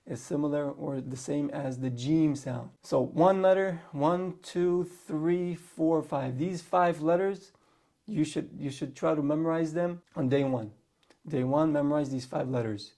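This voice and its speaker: A man's voice: a little high, a little slow, warm tone. A man patiently teaching a spoken lesson on letter sounds, repeating each sound for practice.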